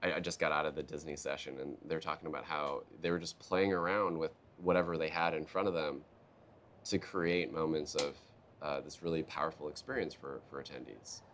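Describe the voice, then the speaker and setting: At a live event booth, a male keynote speaker talks in a conversational interview with a rumbling low voice at a fairly quick pace, over slight background noise. He's an animated storyteller who acts out quotes in a raised voice.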